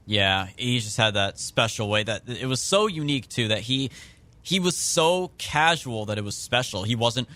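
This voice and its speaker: Bright-voiced man co-hosting a podcast. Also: mid-range voice, expressive, moderate pace. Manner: earnest and heartfelt, talks straight to listeners. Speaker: podcast co-host. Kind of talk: casual political podcast chat.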